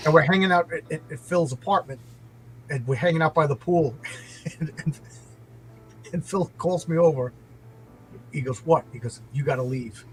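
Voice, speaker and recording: Middle-aged New York man, slightly high voice, rambling casual storyteller. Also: moderate pace, pauses often, a little hiss or hum, rough recording. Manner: rambling, full of "like" and restarts.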